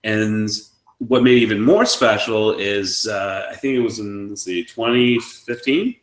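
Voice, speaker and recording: A man's voice: on the low side, unhurried, roomy sound. A man co-hosting a live show, telling a long story in a casual, rambling way and laughing often. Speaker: podcast co-host.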